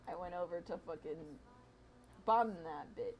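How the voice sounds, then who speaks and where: A woman's voice: on the low side, unhurried, a little hiss or hum. A young adult woman streaming while she draws, chatting casually, laughing often and swearing freely. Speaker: streamer and artist. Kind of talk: casual live-stream chat while drawing.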